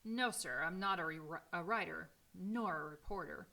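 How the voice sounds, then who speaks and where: A woman's voice: fairly low pitch, moderate pace, gravelly, bright, forceful tone. Woman reading a guarded, polite grown son. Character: guarded middle-aged man, first-person narrator.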